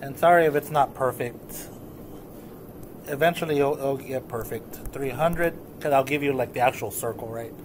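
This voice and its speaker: A male math teacher giving a recorded lesson in a casual, relaxed way, often checking in with the class. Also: medium pitch, normal speed, background noise. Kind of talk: recorded lesson walking through notes.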